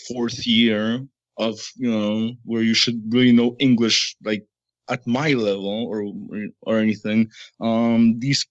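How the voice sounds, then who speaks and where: A man's voice: medium pitch, no room sound. Rambling man with a muffled sound. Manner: rambling, halting, many fillers. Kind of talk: casual discussion.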